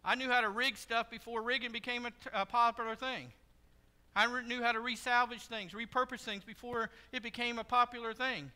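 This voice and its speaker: A pastor giving a sermon in a church, telling stories in a conversational, joking way. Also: male voice, extremely high pitch, fairly even intonation, fairly quick, pushed and bright, clean tone. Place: church sanctuary. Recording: long hall reverb.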